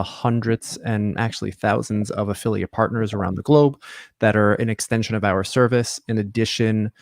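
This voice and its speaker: A man from Long Island, New York, telling his family business story as a guest in a relaxed, casual interview. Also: on the low side, no room sound, clean studio sound. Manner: relaxed, storytelling, many fillers. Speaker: guest, company executive.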